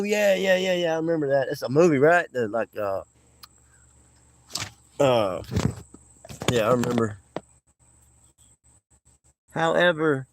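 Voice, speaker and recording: A man hosting a live stream, chatting casually with viewers in a laid-back, rambling way and laughing often. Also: mid-range voice. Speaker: livestream host. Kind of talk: casual livestream chat with viewers.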